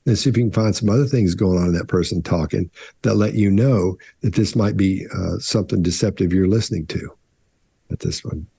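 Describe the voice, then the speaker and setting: A man speaks casually as a panelist, loose and a bit rambling. His tone is mellow and soft at the edges, with a touch of rasp. The sound is dry and close. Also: deep voice, fairly quick, dry recording. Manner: relaxed, rambling with restarts. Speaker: behavior analysis panelist.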